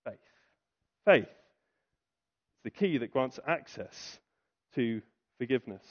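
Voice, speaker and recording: A man preaching a sermon, asking rhetorical questions and pausing for effect. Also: medium pitch, lively intonation. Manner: rhetorical questions, dramatic pauses and acted quotes. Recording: dull lo-fi recording.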